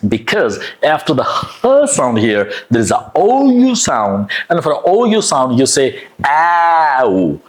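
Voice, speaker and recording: A man teaching pronunciation, sounding out words slowly with exaggerated, breathy H sounds and encouraging praise. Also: a little high, wildly swooping pitch. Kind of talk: phonics lesson, modeling words slowly.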